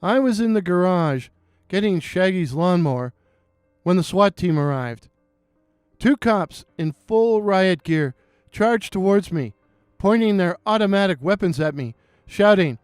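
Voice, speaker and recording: Slow, smooth-voiced man telling horror. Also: sits high, expressive, no room sound, clean studio sound, faint music behind. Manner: measured, suspenseful. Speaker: storyteller. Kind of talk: scripted horror narration.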